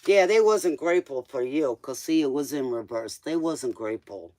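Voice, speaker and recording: A man's voice: mid-range voice, lively intonation, normal speed, darkish tone. A man doing a live-stream tarot reading, casual and joking, talking straight to the viewer in loose, slangy speech. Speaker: tarot reader.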